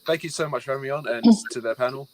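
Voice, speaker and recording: A man's voice: medium pitch, very fast, fairly bright tone, slight background noise, poor audio. A man giving a casual, hesitant fan reaction as a panel guest, with lots of ums and wry laughs.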